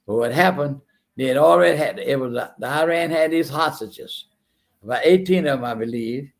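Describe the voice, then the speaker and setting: A man's voice: medium pitch, darkish tone. An older man hosting a talk show, telling stories in a rambling, earnest monologue, often repeating words, and saying he feels a little unwell. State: feeling unwell. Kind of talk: casual monologue.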